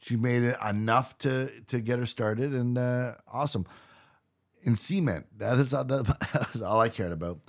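Man, podcast co-host, casual chat, loose rambling delivery, laughs between thoughts, medium pitch. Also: normal speed. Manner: rambling, chuckling, loose and unscripted.

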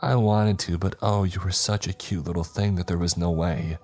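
A man voicing an anxious middle-aged mother who pleads and defends herself, his pitch lifted well above his own. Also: fairly even intonation, normal speed, a little mellow, soft background music. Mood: bitter.

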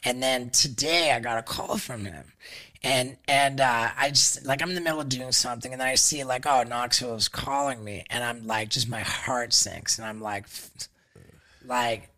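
Podcast guest, man, bright edgy voice, halting and full of fillers, profane storyteller. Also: medium pitch. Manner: halting, stacks fillers and restarts; swears freely. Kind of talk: casual storytelling.

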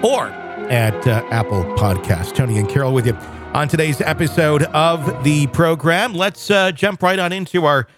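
A man's voice: fairly high pitch, animated, normal speed. A man hosting a podcast, reading the show's contact details and promos in an easygoing way. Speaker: podcast host. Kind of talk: show intro and promo read. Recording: music bed underneath. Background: music.

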